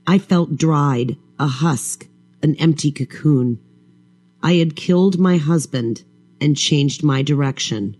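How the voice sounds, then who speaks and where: A man reading a first-person horror story in a slow, measured, brooding way. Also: a little high, a little mellow, soft background music. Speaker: audiobook narrator.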